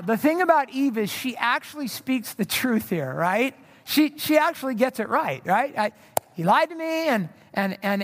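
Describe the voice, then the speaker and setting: Animated preacher in a reverberant hall. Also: male voice, high-pitched. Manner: animated, conversational preaching with rhetorical asides. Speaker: pastor. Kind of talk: sermon.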